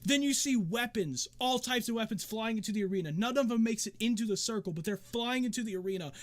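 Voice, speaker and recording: A man's voice: sits high, fast. A man narrating as game master of a tabletop game, in a casual, rambling way.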